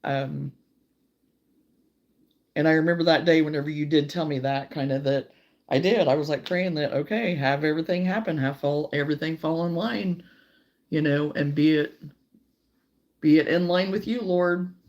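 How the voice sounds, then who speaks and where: A woman hosting a casual crochet livestream, chatting warmly and reading out viewer comments, sometimes close to tears. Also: sits low, moderate pace, long pauses, dull audio. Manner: warm, emotional, reads viewer comments aloud.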